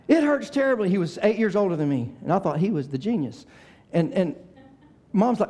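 An older man with a high voice delivers a sermon. He climbs into shouted, fervent appeals, then eases down into soft, conversational stories about his family. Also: animated, a little fast. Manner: preaching that swells to shouting, then drops into soft storytelling. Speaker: pastor. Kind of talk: sermon with storytelling.

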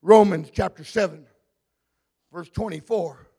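A man preaching a sermon in a church, rising to shouted, drawn-out climaxes between joking asides. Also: high-pitched, creaky. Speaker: pastor. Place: church hall. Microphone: handheld mic.

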